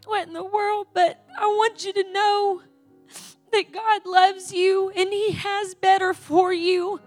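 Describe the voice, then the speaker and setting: Very high-voiced pleading woman preacher. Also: little pitch movement, takes it slowly, soft background music. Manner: emotional, pleading, tearful at times. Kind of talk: sermon and altar call prayer.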